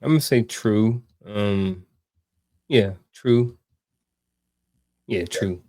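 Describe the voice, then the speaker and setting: A man co-hosting a coaching podcast in casual chat, relaxed and agreeable, thinking aloud with hesitations. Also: lowish voice, very slow, no room sound, clean studio sound. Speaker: podcast co-host.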